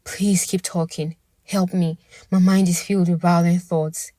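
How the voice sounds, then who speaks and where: A woman voicing a young male friend high on drugs, erratic, pleading and menacing by turns. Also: flat delivery, a little slow, dark tone, no room sound, clean studio sound, natural voice. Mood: shaky. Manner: pleading then ferocious, shaky.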